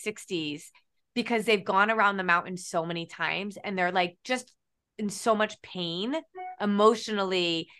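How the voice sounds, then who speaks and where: Bright, enthusiastic woman host. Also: medium pitch, clear, resonant tone. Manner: enthusiastic, encouraging interviewer. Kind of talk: casual interview chat.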